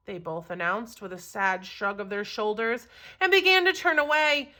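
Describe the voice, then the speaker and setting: A female teacher with a medium-pitched voice reads a storybook aloud to children. She pauses to ask them questions, sounding encouraging and expressive.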